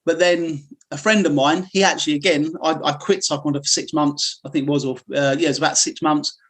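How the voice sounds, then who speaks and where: A middle-aged martial arts instructor from the United Kingdom candidly tells his life story in an interview, rambling with frequent fillers and restarts. His voice is fairly high and fairly bright, steady in tone, and he talks quickly.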